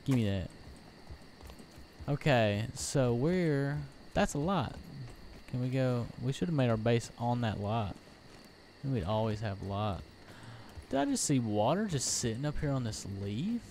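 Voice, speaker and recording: A man's voice: mid-range voice, expressive, measured pace, pauses often, darkish tone, slight background noise. A young man giving let's play commentary, easily startled and talking to himself as he plays. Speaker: gaming YouTuber.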